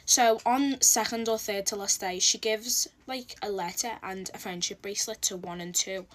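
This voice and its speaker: A woman's voice: mid-range voice, normal speed. Chatty woman telling a story. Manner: chatty, expressive, heavy use of "like", acts out quotes. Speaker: storytelling vlogger. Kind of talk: casual storytime chat.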